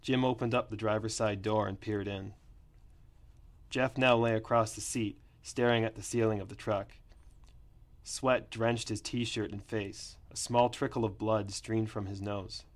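Low-voiced man reading a story. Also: steady tone, unhurried. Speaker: narrator. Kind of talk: first-person story reading.

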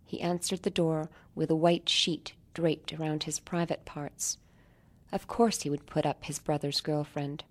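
Low-voiced woman reading her story. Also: fairly even intonation. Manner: measured, softly dropping to near-whispers. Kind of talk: literary reading.

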